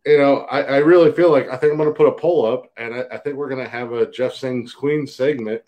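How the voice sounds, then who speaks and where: Male podcast co-host, mid-pitched, loose rambling delivery full of laughs. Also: a little fast, lo-fi sound. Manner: rambling, laughs often, stumbles and restarts. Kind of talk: casual chat.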